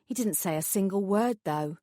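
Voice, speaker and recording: A woman reads a first-person novel aloud in scripted narration with lively storytelling. Her voice sits at a middle pitch, recorded close and dry. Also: normal speed, no echo. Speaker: audiobook narrator.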